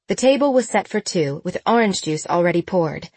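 A woman narrating a novel as an audiobook, in a steady, even storytelling manner. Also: on the low side, normal speed, hardly any pauses, slightly rough, no echo. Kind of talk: scripted narration.

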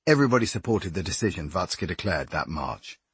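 Husky male audiobook narrator. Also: sits low, sing-song, fairly quick, no echo. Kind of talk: scripted narration.

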